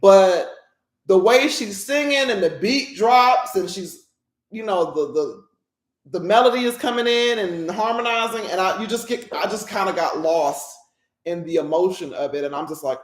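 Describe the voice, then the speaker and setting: A woman's voice: mid-range voice, normal speed, echoey room. A woman hosting a podcast, talking through a personal, reflective monologue in a candid, emotional way that rambles with restarts. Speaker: podcast host.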